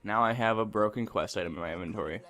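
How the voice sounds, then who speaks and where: A man's voice: lowish voice, fast, a bit bright. A young man hosting a gaming channel, chatting casually and ranting with lots of swearing while he plays. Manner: ranting, profane, rambling. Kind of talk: casual let's-play commentary.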